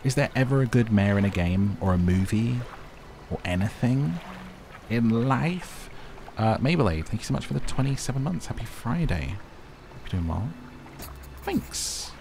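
A man's voice: mid-range voice, expressive, normal speed, gravelly, noisy background. A man giving casual commentary while playing a game, with dry, mumbled asides. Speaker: gameplay video host. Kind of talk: casual let's-play commentary. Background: game music.

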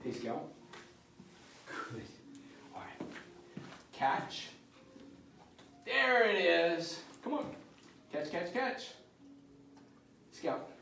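A man's voice: high voice, very animated, very slow, gravelly, pauses often, a bit bright. A man teaching science in a casual, chatty way, talking loosely with fillers and chatting to his dog in an empty classroom. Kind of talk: casual classroom video lesson. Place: empty classroom and school hallway. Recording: echoey room, voice from far off, faint noise.

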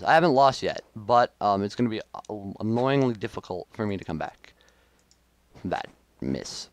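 A man's voice: on the low side, animated, normal speed, no room sound. A young man giving live commentary on his own game match, frustrated and self-critical, with sudden outbursts. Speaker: gaming video creator.

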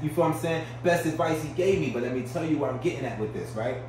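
A man from Brownsville, a podcast guest telling prison stories in a casual, animated way and acting out the voices. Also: a little high, quick pace, few pauses. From Brownsville, New York. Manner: animated, acts out voices in his stories, keeps checking in with the listener. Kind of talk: casual storytelling. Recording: echoey room, distant mic, faint noise.

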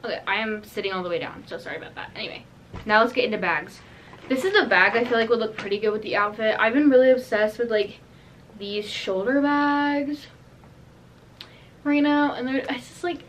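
A woman's voice: a little high, normal speed, slight background noise. A teenage girl doing a casual clothing haul, rambling and chatty, full of "like" and "um". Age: teens. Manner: bubbly, rambling, lots of "like" and "um". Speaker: vlogger.

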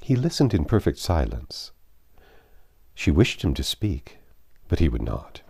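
A man reading a classic novel aloud, measured and expressive. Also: extremely low pitch, gravelly, husky, no echo, studio quality. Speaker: audiobook narrator.

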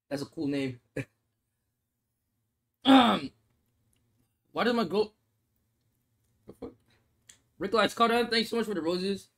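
A man's voice: sits high, fairly bright tone. Joking young man streaming. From Australia. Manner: laid-back, joking, swears, laughs often; talks while eating noodles. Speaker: mobile game streamer. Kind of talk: casual livestream chat, reading comments.

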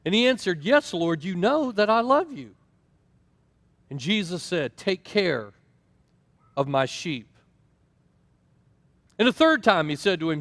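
A man's voice: a little high, unhurried, pauses often, no echo. A man preaching a sermon, telling stories and acting out quoted dialogue. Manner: storytelling, acts out quoted dialogue with lively swings. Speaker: pastor.

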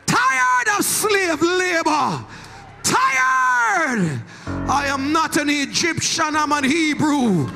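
A man preaching a shouted sermon, chanting and calling out to the congregation, at times speaking in tongues, in a church. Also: extremely high pitch, big pitch swings, drawn-out words, vocal fry. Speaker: pastor. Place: church sanctuary. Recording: preaching over loud church music.

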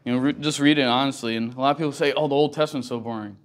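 In a church Sunday school class, a man with a mid-range, steady voice races through scripture. His casual Bible teaching is earnest and conversational, and he says "you know" a lot.

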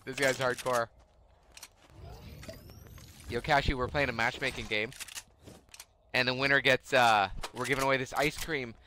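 A man giving casual, excitable commentary while playing a game and talking to his viewers. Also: medium pitch, a little hiss or hum. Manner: excitable, chatty, addresses chat viewers. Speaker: gamer streaming a match.

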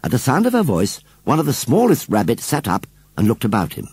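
A man narrates a storybook with a very husky, breathy voice, his pitch leaping up and down with lively animation. The sound is close and dry, with no room around it. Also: fairly quick, few pauses, no room sound. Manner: expressive storytelling, sinking softly for hushed moments. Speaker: audiobook narrator.

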